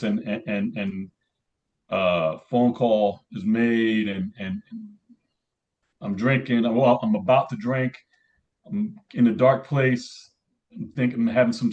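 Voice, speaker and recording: A man on a podcast talking haltingly, repeating words and filling pauses with uh while he tells about peer support calls. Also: mid-range voice, a little mellow. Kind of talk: casual podcast chat. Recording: muffled, dull-sounding mic.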